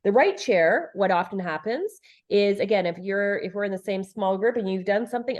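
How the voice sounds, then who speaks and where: A middle-aged woman speaking as a podcast guest, her voice sitting at an ordinary pitch. She talks earnestly and emphatically, repeats words for stress, and slips into quoted lines to make a point. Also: lively intonation, fairly quick, hardly any pauses, a little mellow. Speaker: guest, leadership and relationship expert. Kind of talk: conversational podcast interview.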